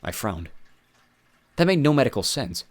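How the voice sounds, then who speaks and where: A man's voice: medium pitch, very animated, moderate pace, dry recording. A man reading a first-person adventure story aloud with dry, wry asides. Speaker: audiobook reader.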